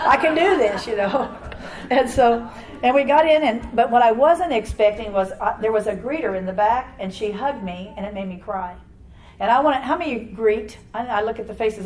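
An older woman stands before a congregation and tells her testimony in a rambling, animated way, often laughing as she goes. Her voice sits a little high. A faint hiss runs under the recording. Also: low-quality recording. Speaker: church speaker giving testimony.

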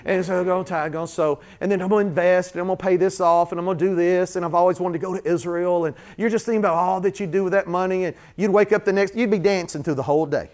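High-voiced preacher man in a church. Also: fairly even intonation, fast talker, few pauses, darkish tone. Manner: conversational preaching with acted-out scenes, rising to fervent repetition. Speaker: pastor. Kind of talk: sermon.

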